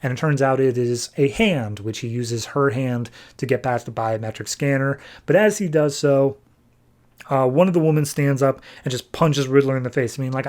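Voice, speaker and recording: A man's voice: medium pitch, moderate pace, a little mellow. A male podcast host recapping a comic in a wry, chatty way.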